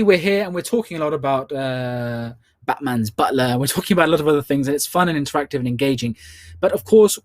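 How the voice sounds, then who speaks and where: A man's voice: fairly high pitch, darkish tone, no room sound, clean studio sound. A man with a British accent hosting a live online charity quiz, upbeat and full of playful ad-libbed asides. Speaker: quiz host.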